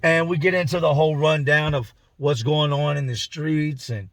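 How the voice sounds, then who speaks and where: A man's voice: fairly high pitch, steady tone, normal speed, few pauses, fairly bright tone, dry recording. A man telling a story casually in slangy speech from inside a car, acting out the voices of the people in it. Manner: slangy, conversational, acts out the voices in his story. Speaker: vlogger telling a prison story.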